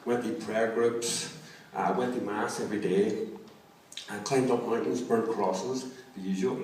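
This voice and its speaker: A young Irish man with a Donegal accent performs stand-up comedy, talking in a halting way full of fillers. His voice sits a little low. It is recorded from a distance in a very echoey room with clear background noise. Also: steady tone. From Ireland. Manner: halting delivery with many fillers, shouting acted quotes. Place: comedy club stage. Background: audience laughter.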